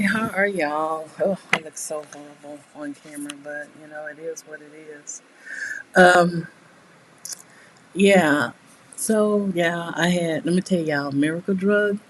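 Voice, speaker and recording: A middle-aged woman talks casually and at length to her viewers from a small bedroom desk, laughing often between stories. Her voice sits a little low, and a faint ambient hum stays under it. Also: poor audio. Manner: chatty, rambling, laughs often. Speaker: writing streamer. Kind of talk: casual chat to live viewers. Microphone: new desk mic, not yet working well.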